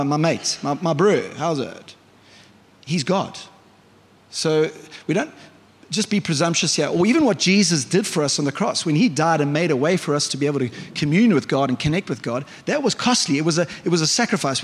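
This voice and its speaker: Man preaching, husky tone, slightly high voice, echoing church hall. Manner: conversational, asks the congregation questions. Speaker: pastor. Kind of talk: sermon.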